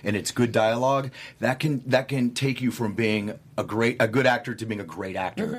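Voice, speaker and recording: A man on a casual panel, calmly giving thoughtful opinions about acting. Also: medium pitch, normal speed, a little hiss or hum. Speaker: actor on panel.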